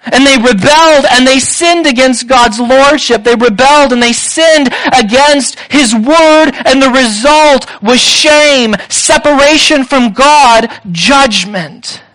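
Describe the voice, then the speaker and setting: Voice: high voice, takes it slowly, fairly bright tone, rough recording. A preacher giving a sermon in an emphatic way, with rhetorical questions and repeated lists.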